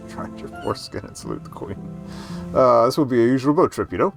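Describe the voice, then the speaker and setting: A man's voice: mid-range voice, animated, a little fast, vocal fry, soft background music. A man voicing a proud retired British army major in his older years, with a light put-on British accent and formal, gallant military bluster.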